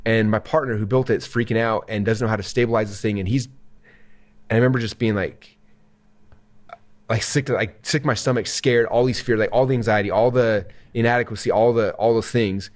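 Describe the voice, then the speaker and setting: A man telling a personal story as an interview guest. He talks in a quick, casual way, fills gaps with "like", and acts out quoted lines. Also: fairly low pitch, fairly even intonation. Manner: rapid, filler-heavy, acts out quoted lines. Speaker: guest entrepreneur.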